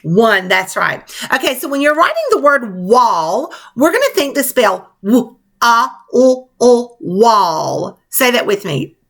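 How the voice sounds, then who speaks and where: Leading young kids through spelling, a female teacher sounds out each word letter by letter, slowly, clearly, and encouragingly. She speaks a little high, with big swings in pitch and a somewhat bright tone.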